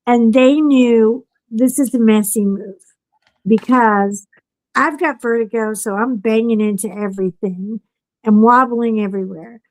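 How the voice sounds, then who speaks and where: A woman hosting a chatty podcast, telling a story slowly in a fairly high voice and acting out everyone's lines. The sound is close and dry, with no room around her. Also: no echo, rough recording. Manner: animated storyteller who acts out quotes. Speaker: podcast host. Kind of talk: casual chat, storytelling.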